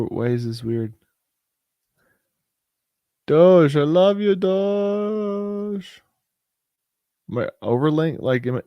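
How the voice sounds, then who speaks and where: A man's voice: mid-range voice, vocal fry, dark tone, no room sound, studio quality. A man hosting a casual crypto show, talking through price charts in a rambling, chatty way with lots of fillers and restarts. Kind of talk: casual live chart commentary.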